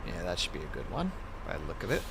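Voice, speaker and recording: A man streams a game and chats casually with his co-player, his pitch jumping around as he jokes. His voice has a gravelly edge, and clear noise runs under the recording. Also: fast. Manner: lively, animated, jokey with chat.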